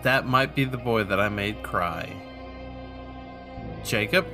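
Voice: medium pitch, slow, pushed and bright, faint music behind. A player in a tabletop role-play who speaks in character, hesitant and earnest.

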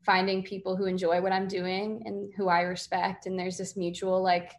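A young woman from near Boston chats as a singer-songwriter guest. She speaks in an easy, filler-heavy way, with quick jumps into animated quoted voices, at an ordinary middle pitch. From Massachusetts, near Boston. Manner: chatty, many fillers, animated quoting. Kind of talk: casual interview.

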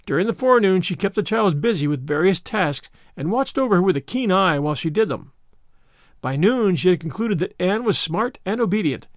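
A man narrating a classic novel as an audiobook, measured and expressive. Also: high voice, no echo, clean studio sound.

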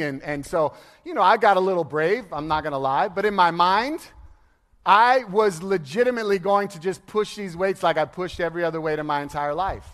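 A male pastor preaching a sermon in a lively, storytelling way, laughing and acting out the people he quotes. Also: sits high, a little fast. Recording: long hall reverb.

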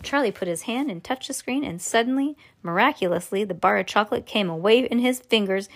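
A woman's voice: mid-range voice, brisk. A woman reading a children's story aloud in plain narration, with chatty asides to a listener. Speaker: reader.

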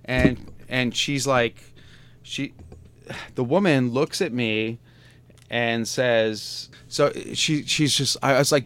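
A man's voice: medium pitch, slow pace, a bit bright, clean tone. A man in his fifties telling a story in casual chat, exasperated and profane, with frequent stammering restarts. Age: 50s.

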